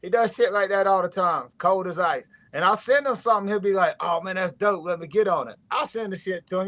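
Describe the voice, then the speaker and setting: A man's voice: sits high, a little fast, few pauses, a bit bright. A man judging on an online music show, talking in loose slangy banter and ranting with lots of restarts. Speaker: judge on a music competition show. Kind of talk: casual chat.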